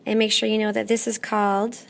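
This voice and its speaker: A woman teaching a classroom lesson, patient and methodical, often pausing to check in. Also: medium pitch, monotone, gravelly. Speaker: Spanish teacher.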